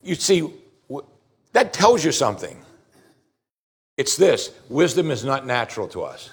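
A man, the pastor, preaching a sermon with emphatic declarations and quiet asides. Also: medium pitch, big pitch swings, unhurried, husky.

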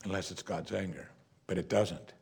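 A man's voice: deep voice, moderate pace, gravelly, breathy edge. A man preaching a sermon in a church, asking his listeners direct questions. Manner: animated, questions the congregation directly.

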